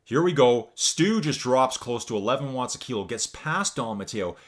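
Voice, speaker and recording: A man's voice: medium pitch, animated, normal speed. A man in his forties from Canada, chatty and upbeat, giving casual commentary on a virtual cycling race and often addressing the audience as folks.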